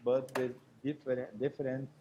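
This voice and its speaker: A man, a native Portuguese speaker, practicing English in an online lesson, talking haltingly with many fillers over a muffled video call. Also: mid-range voice, level tone, warm tone, slight background noise. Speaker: English student.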